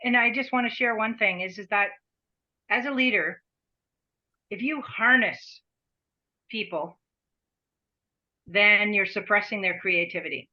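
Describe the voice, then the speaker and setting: A woman's voice: mid-range voice, measured pace, long pauses. A middle-aged woman leading an agency, talking earnestly as a podcast guest and often repeating words as she searches for them. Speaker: executive director, podcast guest. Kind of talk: reflective conversation. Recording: dull lo-fi sound.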